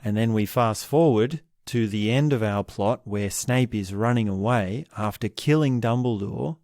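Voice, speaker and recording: A man hosting a podcast, giving a slow, reflective commentary on a book series, often pausing and restarting his sentences. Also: lowish voice, a little mellow, no echo, clean studio sound. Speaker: podcast host.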